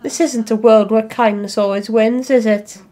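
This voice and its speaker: A woman voicing a shy, gentle young male goat prince, soft and stammering, in a fan voice-over of a game. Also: a little high, steady tone, moderate pace, lightly acted. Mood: apologetic. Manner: soft, hesitant, stammering apologies.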